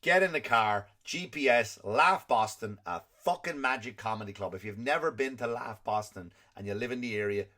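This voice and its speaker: A man's voice: medium pitch, normal speed, hardly any pauses, bright, forceful tone. A man hosting a comedy podcast, ranting and swearing constantly in an exasperated, comic way. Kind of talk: profane comedic rant.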